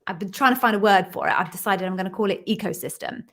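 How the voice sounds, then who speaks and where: A middle-aged woman from London hosting a live stream, chatting warmly with viewers and greeting each by name before explaining her work as an interview coach. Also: mid-range voice, quick pace. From London, England.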